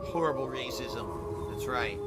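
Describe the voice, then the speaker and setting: A man's voice: medium pitch, unhurried, heavy background noise. A man co-hosting crude, comedic stream commentary, mocking and joking. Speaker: streamer co-host.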